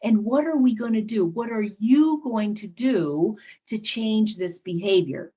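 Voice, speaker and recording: Middle-aged woman, husky voice, earnest guest who explains by acting out examples. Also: on the high side, measured pace, mellow. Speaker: podcast guest and leadership teacher. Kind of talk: conversational interview talk.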